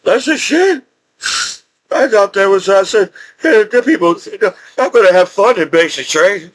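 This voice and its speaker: A man with a high-pitched voice rambles through his stories in casual vlog talk. He repeats phrases, restarts his sentences, and gets excitable. He sounds middle-aged. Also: moderate pace, poor audio. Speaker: vlogger telling stories.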